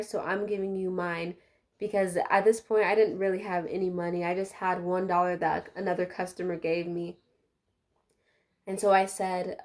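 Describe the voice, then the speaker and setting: Chatting through lots of fillers, this vlogger shares a heartfelt, casual life update with viewers as she styles her hair. She's a young adult woman whose voice is medium in pitch and darkish in tone.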